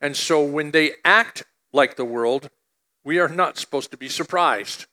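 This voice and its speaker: Man, middle-aged, pastor, sermon, bright forceful voice, slightly high, chatty storytelling delivery. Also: unhurried. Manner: conversational preaching with personal stories.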